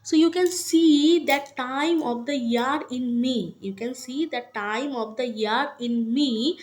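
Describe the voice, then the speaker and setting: Indian woman tutor, slightly high voice, halting lecture full of fillers. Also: darkish tone. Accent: Indian English. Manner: hesitant, many fillers and restarts. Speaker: literature teacher. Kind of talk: slow lecture explaining a poem.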